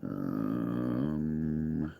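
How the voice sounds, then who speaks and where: Very deep-voiced man in slow casual chat. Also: animated, creaky, dark tone. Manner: rambling, joking, reads and answers chat. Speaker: live stream host. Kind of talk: casual chat with live chat viewers.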